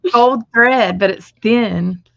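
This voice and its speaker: A woman's voice: a little high, takes it slowly, gravelly, fairly bright tone, no room sound. A woman co-hosting a craft stream, chatting casually and tossing in dry jokes. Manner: dry joking asides. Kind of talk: casual chat while crafting. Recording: dull lo-fi stream audio.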